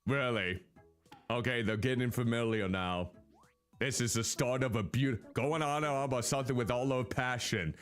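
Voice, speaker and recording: Faint game music plays behind a VTuber streaming a life-sim game. In a mid-range voice at moderate pace, he offers casual commentary and animatedly talks to the characters.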